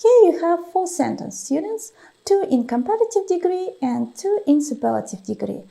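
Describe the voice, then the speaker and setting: The speaker is a woman teacher whose high, lively voice has a dark, gravelly tone. Teaching English slowly and carefully, she stretches example words, fills gaps with frequent "uh" pauses, and dictates vocabulary while explaining grammar.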